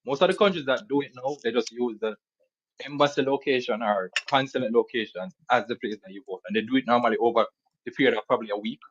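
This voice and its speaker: A man's voice: medium pitch, fast talker, slightly rough, lo-fi sound. A man co-hosting a podcast, explaining his points in a matter-of-fact way. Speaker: podcast co-host.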